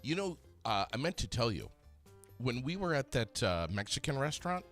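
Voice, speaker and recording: A man's voice: medium pitch, sing-song, moderate pace, a bit bright, faint music behind. A man co-hosting a podcast in a casual morning chat, rambling with fillers and restarts. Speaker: podcast co-host.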